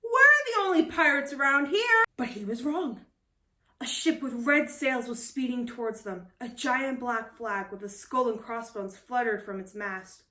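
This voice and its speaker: Brief: storybook reader, woman, bright higher voice, expressive, roomy echo. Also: measured pace, recorded from a distance. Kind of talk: reading a children's picture book aloud.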